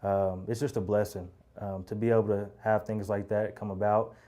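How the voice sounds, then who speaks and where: A man in his thirties speaking in a relaxed way with many fillers in an interview. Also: fairly low pitch, moderate pace. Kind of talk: casual interview.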